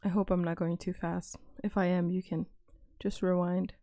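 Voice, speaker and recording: A young woman, patiently teaching classroom phrases and repeating each one slowly for learners. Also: lowish voice, little pitch movement, dark tone, dry recording, clean studio sound. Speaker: language teacher. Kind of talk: recorded language lesson.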